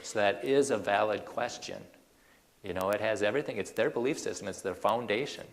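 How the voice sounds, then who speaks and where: A man giving an animated presentation to an audience, firing off rhetorical questions with casual fillers. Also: fairly low pitch, a little fast, long reverb tail. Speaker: creationist speaker.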